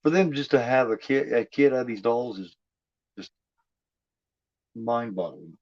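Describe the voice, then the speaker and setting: A man's voice: medium pitch, animated, measured pace, a little mellow, dry recording. A man in a middle register rambles through a casual movie watch-along, laid-back and generously profane. His voice comes through a dull, lo-fi recording with no room sound at all. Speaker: movie commentary host. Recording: dull lo-fi, dry.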